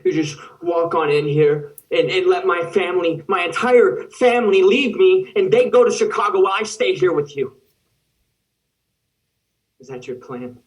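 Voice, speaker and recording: A young man acting out a heartbroken young man who turns on the lover who broke him. His voice is high for a man and anguished, and he sounds set back from the mic on a video call. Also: expressive, moderate pace, recorded from a distance, low-quality recording. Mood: bitter. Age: young adult. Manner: bitter, anguished. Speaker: student actor. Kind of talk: dramatic monologue.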